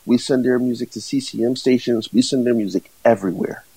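A man who owns a music management company, answering interview questions haltingly before building into an enthusiastic pitch for his artist. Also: fairly even intonation, dark tone, breathy edge, no echo, poor audio. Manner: halting, many fillers and restarts, then builds to enthusiastic pitching.

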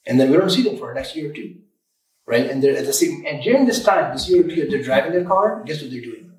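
A man who owns an auto repair shop, talking in an energetic, emphatic way on a podcast and often repeating words. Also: on the high side, quick pace, reverberant, recorded from a distance, poor audio. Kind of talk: casual podcast chat. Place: room, recording a podcast.

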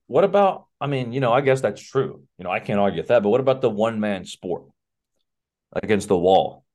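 A low-voiced man co-hosts a casual comedic chat. He throws in short, wry, teasing remarks. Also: expressive, a little fast, darkish tone. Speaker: podcast co-host.

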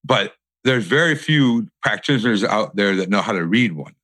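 Low-voiced male host, dry sound. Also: animated, moderate pace, fairly bright tone, no room sound. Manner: conversational, frequent short affirmations. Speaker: podcast host. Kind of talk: casual interview chat.

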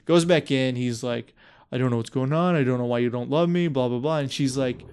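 A man's voice: medium pitch, fairly even intonation, a little fast, a little mellow, smooth. A young man hosting a podcast, animatedly retelling a story, swearing freely and acting out quotes. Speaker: podcast host. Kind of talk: casual chat.

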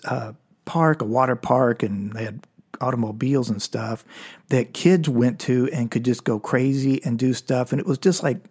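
A man's voice: mid-range voice, a little mellow, slightly rough. A man in his sixties from Oklahoma, casually telling a rambling personal story with restarts and cursing. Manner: rambling, frequent restarts and profanity, chuckling.

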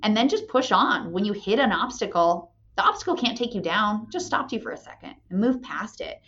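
A woman's voice: mid-range voice, sing-song, a little fast, a bit bright. Candid storytelling woman, lo-fi sound. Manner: candid, storytelling, frequent "right?". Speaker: company president and mother. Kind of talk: motivational talk. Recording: dull lo-fi sound.

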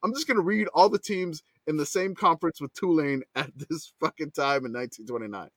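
Excitable man on a dry mic. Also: on the high side, brisk, dry recording. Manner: excitable, swears, laughs often. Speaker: podcast host. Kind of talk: casual chat.

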